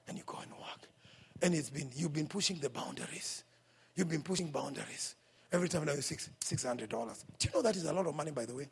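A man with a Kenyan accent, preaching a sermon as pastor at a church service, swinging between hushed asides and shouted points. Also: fairly high pitch, very animated, fast, creaky, slightly rough.

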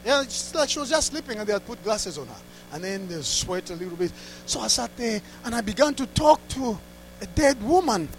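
A man preaching a sermon through a story, dropping to hushed asides and rising to loud exclamations. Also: high-pitched, sing-song, fairly quick, a little hiss or hum, low-quality recording. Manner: laughs between lines.

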